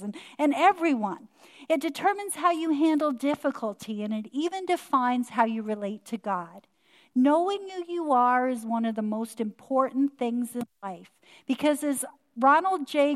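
An older woman pastor delivering a sermon in a measured, earnest manner. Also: fairly high pitch.

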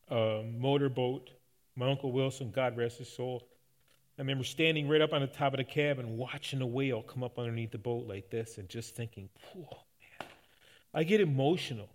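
Folksy middle-aged male pastor preaching. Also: medium pitch. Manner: conversational, folksy storytelling with restarts. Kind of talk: sermon with personal stories.

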